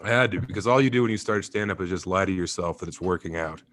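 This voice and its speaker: A young adult man, a stand-up comedian, chats casually in an interview, with a voice that sits a little low. He tells stories with gusto, laughs often and slips into mimicking other people's voices. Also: fast talker, a bit bright, slight background noise.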